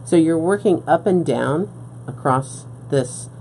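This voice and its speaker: A woman's voice: sits low, lively intonation, slow pace, mellow, a little hiss or hum. A woman beading instructor on a live craft stream, explaining each step patiently and often checking in with "okay?". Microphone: live-stream setup at a work table.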